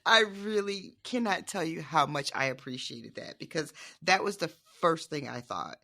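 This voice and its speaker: Gravelly, bright-voiced laughing woman. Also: deep voice, moderate pace, no echo, studio quality. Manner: laughs often, animated and emphatic. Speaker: podcast co-host. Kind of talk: casual book-discussion chat.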